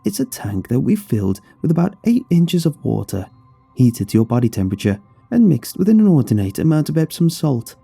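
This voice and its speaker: A man's voice: medium pitch, big pitch swings, fairly quick, creaky, dark tone, slightly rough, no room sound, faint music behind, voice pushed up, heavily acted. Man putting on a shaky-voiced frail old lady. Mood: sweet, doting. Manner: sweet, doting, calls listener honey. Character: frail old woman spa receptionist, warm, sweet.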